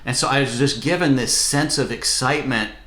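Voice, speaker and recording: A man co-hosting a casual faith podcast, reflective and growing animated when excited. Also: mid-range voice, fairly quick. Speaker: podcast co-host who has preached. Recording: roomy echo.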